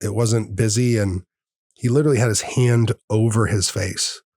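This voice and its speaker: Earnest low-voiced man in his thirties. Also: fairly even intonation, moderate pace, a little mellow, dry recording. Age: 30s. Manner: earnest and heartfelt, reenacting dialogue. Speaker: podcast host. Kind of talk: personal storytelling in casual conversation.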